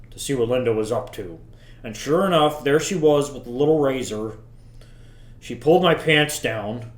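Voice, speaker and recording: An actor playing a bitter, self-pitying middle-aged father who rambles crudely to his son in a deadpan comedy monologue. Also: mid-range voice, close to an everyday voice. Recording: roomy echo.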